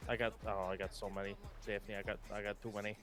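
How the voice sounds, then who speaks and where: A man playing a laid-back ex-convict who rambles through dark jokes and dad jokes, stumbling over his words in live role-play. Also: on the low side, little pitch movement, fast, faint music behind, close to an everyday voice. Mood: joking. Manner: rambling, stumbling joke-teller.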